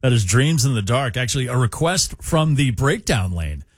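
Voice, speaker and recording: A man's voice: medium pitch, moderate pace, breathy edge, dry recording. Male rock radio host, jokey and chatty, dry close studio sound. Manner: jokey, animated, reads listener texts. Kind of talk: casual radio chat. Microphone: studio mic.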